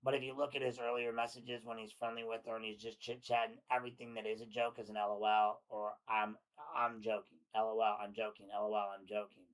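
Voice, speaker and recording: A man's voice: lowish voice, flat delivery, quick pace, few pauses. A man reads text messages aloud on a podcast and breaks in to comment on them. He is blunt and swears freely, and he talks to his listeners as "guys" while he picks the messages apart. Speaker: podcast co-host. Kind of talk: reading texts aloud with commentary.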